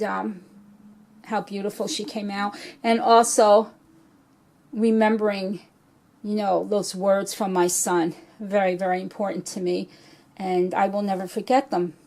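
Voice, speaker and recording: A woman's voice: medium pitch, darkish tone. A middle-aged woman hosting her own vlog channel, telling a personal story in a heartfelt, slightly choked-up way. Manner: slow, heartfelt, a little choked up. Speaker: reborn doll artist and channel host.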